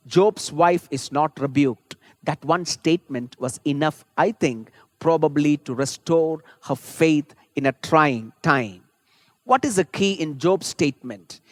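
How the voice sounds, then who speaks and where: A man's voice: fairly high pitch, dry recording. A man preaching a sermon as a pastor, earnest and rising to fervent emphasis. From India.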